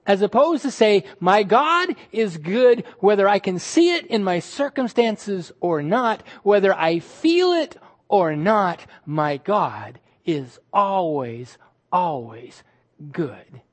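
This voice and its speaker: Male pastor, high-pitched, emphatic sermon delivery with drawn-out words. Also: very animated. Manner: emphatic, drawn-out words, sudden drops to quiet.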